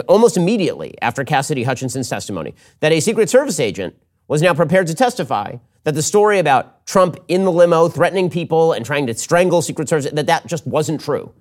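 A man hosting a political commentary show, delivering a quick, sardonic, opinionated monologue into a studio mic. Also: a little high. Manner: animated, sardonic, quick restarts.

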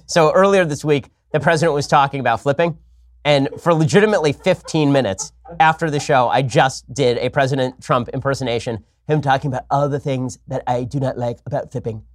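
A man's voice: medium pitch, fairly quick, no room sound, studio quality. A man hosting a show, answering listener questions in a casual, wry monologue full of restarts. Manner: talkative, frequent restarts, wry. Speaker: podcast host.

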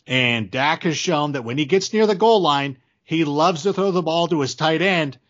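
Chatty man with a higher voice. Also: normal speed, a bit bright, lo-fi sound. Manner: chatty, enthusiastic, frequent restarts. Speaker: podcast guest, fantasy football analyst. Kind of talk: casual podcast chat.

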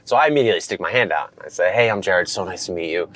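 A man in his thirties, animated, telling a long story in casual chat from a car and acting out the lines of others. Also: low-pitched, rapid-fire. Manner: animated, acts out quotes from others. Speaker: guest.

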